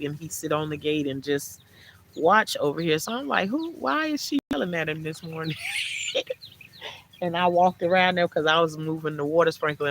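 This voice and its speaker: A chatty woman talks to her livestream viewers from her garden, laughing often and circling back over the same phrases. She shifts into an encouraging, almost preaching tone as she speaks to them, all set against faint outdoor noise. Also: low voice. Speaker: livestream host. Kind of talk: casual livestream chat.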